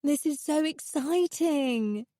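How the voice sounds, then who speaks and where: Audiobook role: woman playing a high, squealing young painter, naive and excitable, dark-toned and dry. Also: slow, dry recording, full character voice. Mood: eager.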